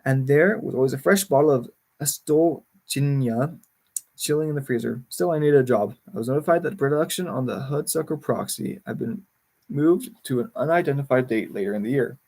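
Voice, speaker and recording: A man's voice: mid-range voice, a little fast, creaky, darkish tone. A man reading a memoir aloud on a livestream, often stumbling over words and correcting himself.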